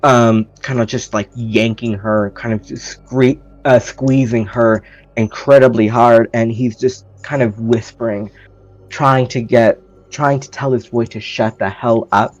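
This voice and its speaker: A man's voice: medium pitch, steady tone, unhurried, poor audio. A man playing a tabletop game, describing his character's actions hesitantly with many fillers. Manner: hesitant, filler-heavy narration. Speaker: player.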